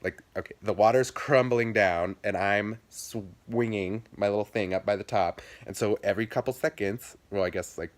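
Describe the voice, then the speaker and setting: A young man vlogging a childhood story in casual chat, animated, jumping into squeaky high voices for quotes and dropping low for asides. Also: normal speed, few pauses.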